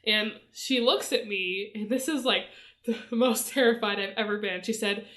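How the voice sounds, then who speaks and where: A young woman co-hosting a podcast, telling a story in a casual, animated way and laughing often. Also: medium pitch, moderate pace. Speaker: podcast co-host.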